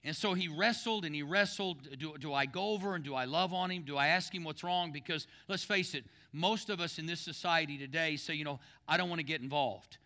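A man's voice: fairly high pitch, brisk, few pauses, sharp tone. A man pastor preaching a sermon, telling a joke story and repeating words as he builds to emphatic scripture reading.

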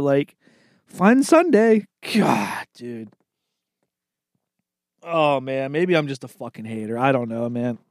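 A man's voice: fairly high pitch, dry recording, studio quality. A young man riffing comedically on his own, rambling and profane, calling everyone dude and laughing at his own jokes.

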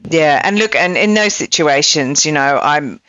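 A woman hosting a podcast interview, speaking in a thoughtful, measured way. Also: low-pitched, lively intonation, fairly bright tone, no echo. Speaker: podcast host. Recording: dull dry podcast audio.

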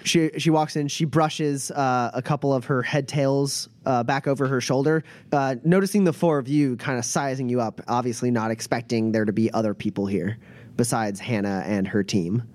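A man running a tabletop game as game master, narrating haltingly with many fillers. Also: mid-range voice, fairly even intonation, darkish tone, no room sound.

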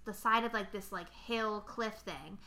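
A woman's voice: mid-range voice, unhurried, bright, forceful tone. A young woman co-hosting a podcast, casually and animatedly retelling film scenes with lots of fillers. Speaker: podcast co-host.

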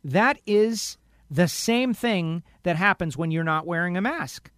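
A man's voice: sits high, unhurried, fairly bright tone, no echo, studio quality. A man on a talk radio show giving an impassioned, rambling opinion while emotionally upset. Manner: emphatic, rambling, acts out other people's lines. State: emotional, upset by bad news.

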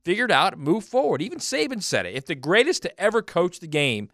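A man's voice: sits high, sing-song, fairly quick, fairly bright tone, dry recording, clean studio sound. A man co-hosting a sports radio show, arguing emphatically and with sarcasm. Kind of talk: heated sports talk. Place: radio studio. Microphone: studio mic.

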